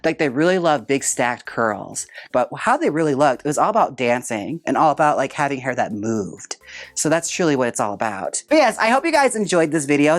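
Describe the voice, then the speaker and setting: Sassy low-voiced woman hairstylist host. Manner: chatty, sassy, frequent "like" fillers. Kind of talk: casual styling vlog chat.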